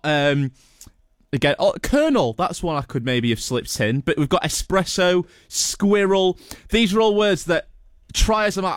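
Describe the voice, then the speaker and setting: A man's voice: on the high side, no echo. A man presenting a radio show in a studio, chatty and playful, with a few light stumbles. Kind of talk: casual radio chat.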